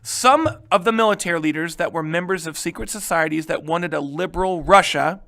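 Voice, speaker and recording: Male history teacher, casual lecture, animated and jokey, high voice, bright tone. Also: fairly quick, creaky. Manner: animated, joking, keeps asking "right?".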